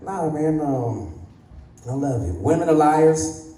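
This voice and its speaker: A man performing stand-up on a club stage, his voice a touch high for a man yet mellow and dark in tone. He often laughs at his own punchlines and slips into put-on voices for the people in his stories. The sound carries the echo of the room, as if picked up from a little way off, with faint ambience behind it. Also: lively intonation, slow pace, slight background noise. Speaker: stand-up comedian. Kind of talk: stand-up comedy set. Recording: echoey room, voice slightly distant.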